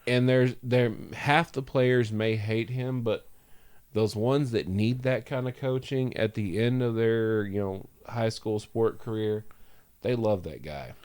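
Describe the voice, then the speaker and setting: Man, podcast co-host, dry wisecracks, lowish voice. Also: unhurried, a little mellow, smooth. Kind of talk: casual comedic chat.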